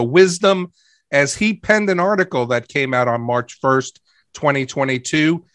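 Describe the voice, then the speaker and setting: Brief: male podcast co-host, upbeat and emphatic, slightly high voice, dry close sound. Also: fairly bright tone, dry recording. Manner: upbeat, emphatic, repeats phrases. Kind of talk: casual podcast talk.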